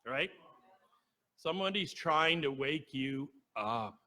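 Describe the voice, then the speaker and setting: Preacher, male, high and very bright, conversational storyteller. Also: measured pace, pauses often. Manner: storytelling, acts out quoted voices, asks the congregation. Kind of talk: conversational sermon. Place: church sanctuary.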